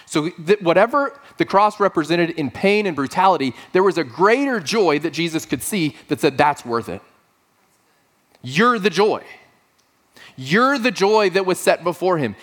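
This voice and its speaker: A man delivering a sermon in a slightly high voice, his pitch leaping up for emphasis and dropping low for quiet asides. He mixes earnest preaching with deadpan humorous stories. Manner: humorous storytelling with deadpan quoted dialogue. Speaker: pastor.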